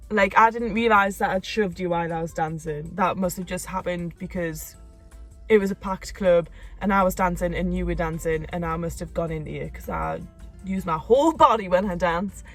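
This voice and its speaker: A young woman, telling a story in a casual chat, animated and quick to laugh. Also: lowish voice. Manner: animated, laughing, acts out quotes. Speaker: co-host of a couple's channel.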